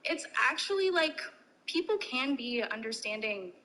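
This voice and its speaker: A woman's voice: high voice, very animated, moderate pace, bright, forceful tone, a little hiss or hum, poor audio. A young woman talking casually as a podcast guest, trailing off and laughing easily.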